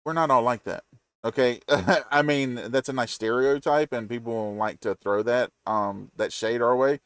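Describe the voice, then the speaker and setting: A man's voice: mid-range voice, normal speed, clean tone, no room sound. A man from the Southern US, hosting a reaction video with chatty, folksy commentary in a Southern accent. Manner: chatty, folksy, playful asides.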